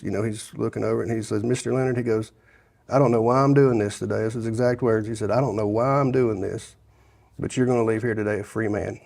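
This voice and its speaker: A man's voice: mid-range voice, gravelly, darkish tone. A middle-aged man, telling his life story in a casual interview, rambling with many restarts and "you know"s. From Sevier County, Tennessee. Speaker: guest sharing his testimony.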